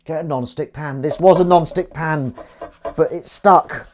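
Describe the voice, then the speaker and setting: A man's voice: a little high, unhurried, background noise. A man with a sweary, grumbling manner, chatting casually to viewers while scrubbing pans at his kitchen sink. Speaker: livestream host. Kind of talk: casual chat while washing up.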